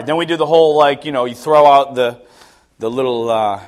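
A middle-aged man preaching a sermon, telling stories with self-mocking laughs, dropping to low mutters and rising to loud, high exclamations. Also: normal speed. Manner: laughs at himself between lines. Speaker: pastor.

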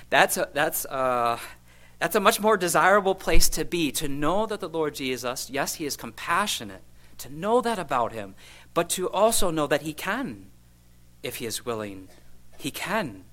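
A man's voice: on the high side, lively intonation, normal speed, low-quality recording. Man preaching verse by verse. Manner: reads scripture aloud, then comments with gentle asides and soft laughs. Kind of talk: expository sermon.

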